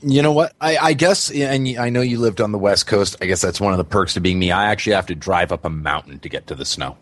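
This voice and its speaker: A man with a fairly low voice co-hosts a web radio show. He chips in with short, dry, teasing remarks in relaxed banter. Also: fast talker. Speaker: podcast co-host. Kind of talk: casual radio show chat.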